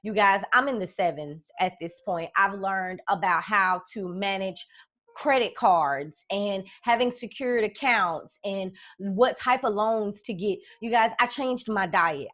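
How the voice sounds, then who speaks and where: A woman's voice: medium pitch, a bit bright. A middle-aged woman life coach talking casually to her followers, emphatic and folksy, repeating her phrases and calling her viewers y'all and baby. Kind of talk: casual motivational talk to followers.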